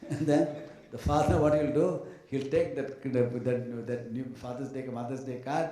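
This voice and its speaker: Animated man storytelling in an echoey hall. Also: mid-range voice, moderate pace. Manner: animated storytelling, mimics other people, joking asides. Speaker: speaker addressing devotees. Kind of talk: devotional talk with anecdotes.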